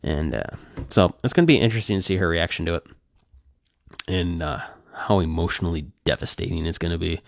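A middle-aged man with a low, gravelly voice chats animatedly to camera, acting out the reactions he describes. The sound is dry and close, with no room in it. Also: a little fast, no room sound. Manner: animated, acting out quoted reactions, heavy use of "like". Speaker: vlogger. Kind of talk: casual monologue retelling a movie reaction.

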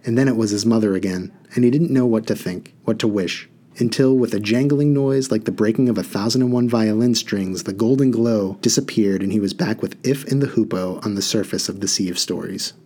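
Male teacher reading aloud to a class; low, mellow voice with chatty asides. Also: brisk, few pauses. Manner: chatty asides, mild humor.

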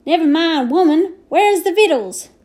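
Boone, a woman doing a gruff tiny cowboy. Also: very high-pitched, animated, moderate pace, darkish tone, voice pushed up. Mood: grumpy. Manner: rustic ungrammatical drawl. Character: gruff, ever-hungry tiny cowboy man, grumpy.

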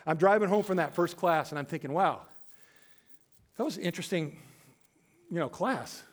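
Speaking at normal speed, a male pastor shapes his sermon as a story. He dramatizes the quoted voices and drops to a soft, low tone for emphasis.

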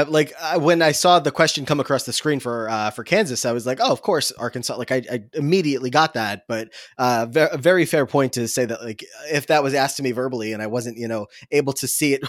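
A man's voice: mid-range voice, dry recording. A man co-hosting a podcast and walking listeners through a game show episode. He rambles a little and leans on filler words. His voice sits in a middle range and sounds dry and close, with no room around it. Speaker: podcast co-host. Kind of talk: casual episode recap.

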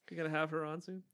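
A man co-hosting a podcast, chatting casually and enthusiastically, laughing often. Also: on the high side. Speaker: podcast co-host. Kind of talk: casual chat.

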